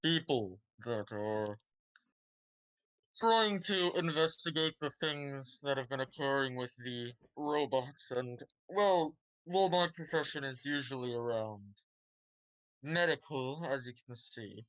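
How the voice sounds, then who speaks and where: A man playing his character in a tabletop game, speaking hesitantly with halting pauses. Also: medium pitch, lively intonation, fairly bright tone, highs cut off. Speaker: player.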